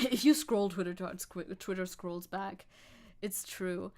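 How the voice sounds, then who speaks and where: A woman's voice: mid-range voice, measured pace, darkish tone. A young woman from Germany streaming as a VTuber, chatting casually and sarcastically, reading chat comments, swearing freely and laughing often.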